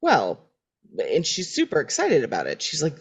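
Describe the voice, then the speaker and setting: A woman's voice: low-pitched, wildly swooping pitch, moderate pace, breathy edge. A woman co-hosting a podcast, chatting casually about a TV episode, laughing often and quoting characters. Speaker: podcast co-host. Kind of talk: casual recap chat.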